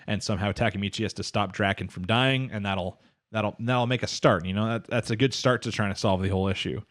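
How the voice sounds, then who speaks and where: Man, podcast co-host, rapid casual rambling, dry close sound. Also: on the low side, a bit bright, no room sound. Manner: rambling, lots of fillers, acts out characters' lines. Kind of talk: casual anime recap chat.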